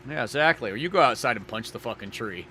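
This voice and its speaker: A man's voice: mid-range voice, lively intonation, fast talker, pushed and bright, a little hiss or hum. A man co-hosting a podcast, chatting casually and animatedly, swearing and acting out scenes in goofy voices. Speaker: podcast co-host. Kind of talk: casual chat.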